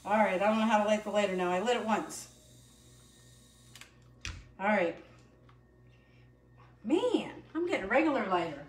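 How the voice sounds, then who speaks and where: A woman's voice: mid-range voice, animated, normal speed, pauses often, roomy sound, background noise. A middle-aged woman hosting a live home cooking show, bubbly and chatty, laughing at herself as she goes. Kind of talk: live cooking stream, casual chat. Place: home kitchen.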